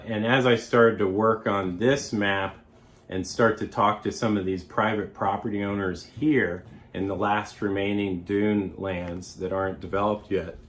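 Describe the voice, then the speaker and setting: A middle-aged man giving an informal presentation as a local resident, rambling and often pausing to restate himself. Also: on the low side.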